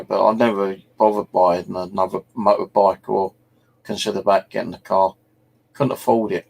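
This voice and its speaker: A man's voice: fairly low pitch, gravelly, a little mellow. A middle-aged man from England, telling rambling, sweary anecdotes as host of a casual chat. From South East England. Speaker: channel host.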